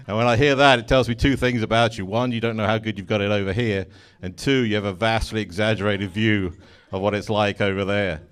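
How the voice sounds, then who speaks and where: A man's voice: fairly low pitch, steady tone, normal speed, clean tone. A man in his forties with an English accent, doing stand-up with dry, mock-indignant punchlines. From England. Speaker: stand-up comedian. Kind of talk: stand-up comedy.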